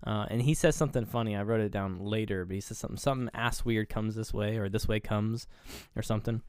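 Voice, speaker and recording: Man, podcast co-host, casual movie chat, rambling plot recap, smooth clean voice, dry close sound. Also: fairly low pitch, fairly even intonation, fast, darkish tone, no room sound. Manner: rambling plot retelling with fillers and restarts.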